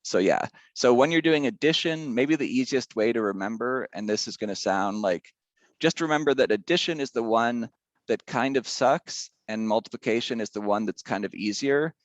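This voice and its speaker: A man's voice: mid-range voice, normal speed, no room sound, highs cut off. A male teacher giving a casual math lesson, chatty and rambling, drifting into side stories.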